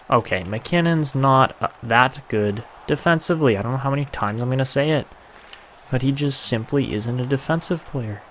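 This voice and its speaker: A man's voice: mid-range voice, a bit bright, a little hiss or hum. A young man giving casual, swear-filled commentary over a hockey video game, often frustrated. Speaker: gaming YouTuber.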